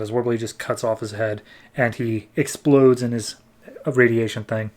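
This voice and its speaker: A man's voice: medium pitch, steady tone, normal speed. A man co-hosting a podcast, retelling a comic story in a rambling, filler-heavy casual way. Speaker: podcast co-host. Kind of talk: casual comic book recap.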